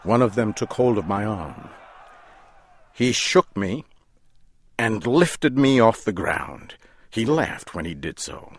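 A man reading a story aloud in a slow, measured and deliberate way, as the narrator. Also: fairly low pitch, lively intonation, dry recording.

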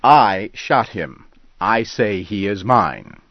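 A man voicing a hunter with a gun who speaks in a cool, quiet and threatening way. The recording sounds dull and lo-fi. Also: on the low side, slow, no echo, heavily acted. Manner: cool, quiet, even-toned commands.

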